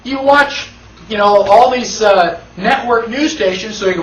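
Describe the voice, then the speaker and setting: An emphatic man with a fairly high voice teaches a classroom lecture and keeps throwing rhetorical questions at his listeners. The sound is roomy and echoey. The mic sits at some distance from him. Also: measured pace, lo-fi sound. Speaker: constitution class instructor. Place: classroom with an audience.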